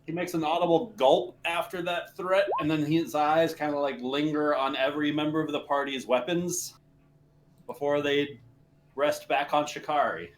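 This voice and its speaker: A man running a tabletop game as game master, lively and easily amused. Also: a little high, moderate pace, a little hiss or hum. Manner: lively, laughing.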